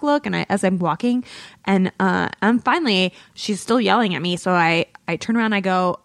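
A woman's voice: mid-range voice, brisk, no echo. A woman co-hosting a podcast, recounting a story in a loose, rambling way with plenty of "like"s. The recording is dry and close, with no room sound. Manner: chatty storytelling, many fillers. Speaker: podcast co-host. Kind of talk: casual chat.

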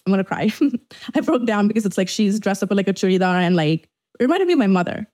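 On her podcast, a young Dubai woman opens up about her personal struggles in a blunt, profanity-laced confessional, often restarting and using fillers. She sounds animated and a little mellow, mid-range in pitch and quick.

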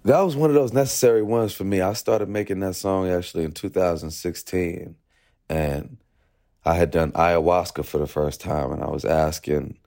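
A young man with a deep, low voice talks through his thoughts slowly and reflectively. He fills his sentences with "you know" and "like" as he works out what he means. The delivery is casual and unhurried, like a musician opening up in an interview. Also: steady tone, dark tone. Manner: reflective, thinks aloud with many fillers. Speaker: musician guest.

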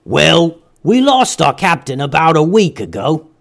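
A man putting on a sheepish pirate crewman, high and loud, folksy storybook voice. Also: very animated, measured pace, creaky, heavily acted. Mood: pleading, sheepish. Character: rowdy adult male pirate, humble.

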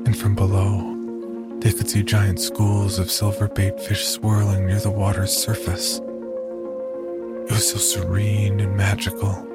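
Low monotone guy narrating a creepy story, slow and somber. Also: loud music behind the voice. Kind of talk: scripted horror story narration.

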